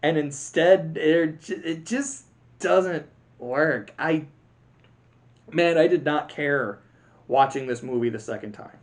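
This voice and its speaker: Young man, slightly high voice, casual movie review, rambling, sarcastic asides. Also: slow pace. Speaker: video essay host.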